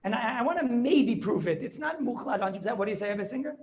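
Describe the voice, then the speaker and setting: Man, rabbi, halacha lecture, very lively intonation, yeshiva-style English, rhetorical questions. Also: very high-pitched, quick pace, slight background noise. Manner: animated, rhetorical questions, yeshiva English full of Hebrew terms. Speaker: rabbi teaching a class.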